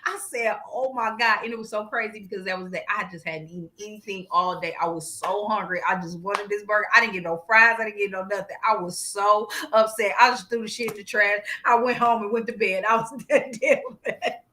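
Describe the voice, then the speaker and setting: Bright-voiced woman telling a story. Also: medium pitch, fairly quick, few pauses. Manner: animated, laughing, swears freely. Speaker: co-host. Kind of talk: casual chat with storytelling.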